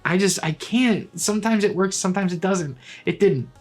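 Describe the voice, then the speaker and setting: A young man giving casual, opinionated movie ratings in a blunt, rambling way, swearing freely and breaking into animated asides. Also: high-pitched, moderate pace, hardly any pauses, faint music behind. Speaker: movie vlogger.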